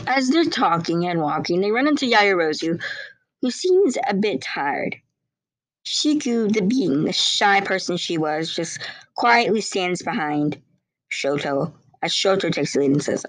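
A woman's voice: on the low side, animated, measured pace, no room sound, poor audio. A young woman narrating her own fan story casually, rambling and restarting often.

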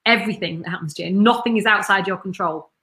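Bright, chatty businesswoman. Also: medium pitch, fast. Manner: enthusiastic, talkative, blunt. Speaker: marketing business owner, podcast guest. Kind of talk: casual interview chat.

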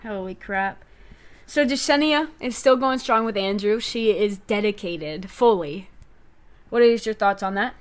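A woman's voice: medium pitch, measured pace. A young woman co-hosting a podcast, recapping a reality show in casual, chatty talk full of fillers. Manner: chatty, filler-heavy, animated retelling. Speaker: podcast co-host.

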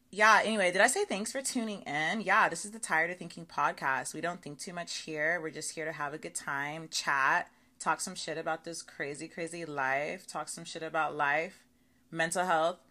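A young adult woman hosting her own podcast, talking casually and swearing freely, with lots of "okay" and "y'all". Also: low voice. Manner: chatty, animated, swears freely, says okay and y'all a lot. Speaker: podcast host. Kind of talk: casual solo podcast monologue.

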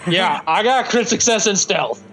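Give me a cocky, defiant man at a tabletop game with a high voice. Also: animated, moderate pace, music in the background, low-quality recording. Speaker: player.

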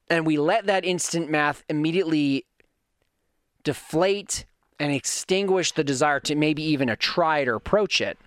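Animated man with a leaping voice. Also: no echo, studio quality. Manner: animated, voice leaps up high when emphatic. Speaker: streamer talking to his chat. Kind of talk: casual motivational talk with anecdotes.

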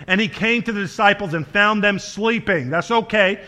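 Bright-voiced man preaching a sermon. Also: high voice, normal speed. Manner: earnest, addresses the congregation directly; quotes scripture with brief verbal slips. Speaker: pastor.

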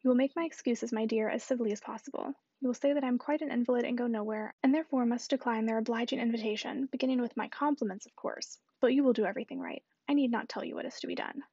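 A woman reading the lines of a fussy, anxious elderly gentleman who worries about his daughter. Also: on the high side, fairly even intonation, fast talker, hardly any pauses, slightly rough, no room sound, highs cut off. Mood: fretful. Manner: fretful, soft-spoken.

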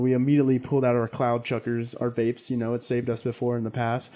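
A man in his twenties, co-hosting a podcast, telling a rambling, animated and profane story. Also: mid-range voice, fast, hardly any pauses. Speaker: podcast co-host. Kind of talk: casual storytelling chat.

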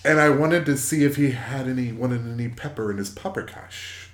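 A man in his forties, a podcast co-host, telling a casual story in a rambling, halting way with many fillers and restarts. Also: medium pitch. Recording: echoey room.

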